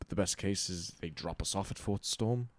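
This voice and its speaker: A man's voice: low-pitched, normal speed. A man playing a tabletop game, bluntly arguing his case in character. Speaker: player.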